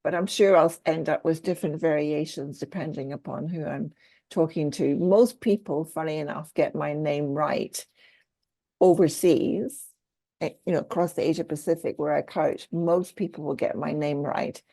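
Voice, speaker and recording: A Scottish woman with a low, mellow voice chats on a video call. She thinks aloud and restarts her sentences. The sound is dry and close. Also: steady tone, normal speed, creaky, no echo. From Scotland. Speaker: coach. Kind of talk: group discussion on a video call.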